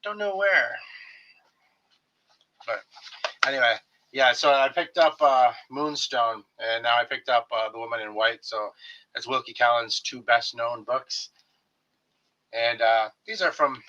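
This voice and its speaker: A man hosts his own live stream in a medium-pitched voice that sounds pushed and bright, heard through slightly dull lo-fi stream audio. He chats casually, greeting viewers by name and joking with them in a friendly way.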